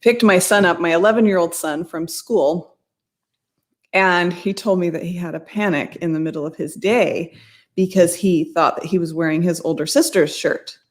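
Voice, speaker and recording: A middle-aged mindset coach tells a personal story in a voice on the low side, at normal speed. The talk is casual; she rambles, corrects herself along the way, and laughs now and then.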